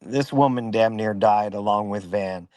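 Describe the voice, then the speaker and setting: A man's voice: fairly low pitch, unhurried, a little mellow, no echo. A man on a live stream, talking casually and scornfully about other people. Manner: scornful, plain-spoken. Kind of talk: casual chat.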